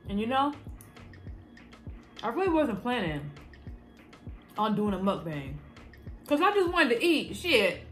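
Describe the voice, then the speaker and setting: A woman vlogging as she tastes her own cooking, animated and quick to laugh, with casual swearing and a Black way of talking. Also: a little high. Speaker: food vlogger. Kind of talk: casual cooking vlog chat.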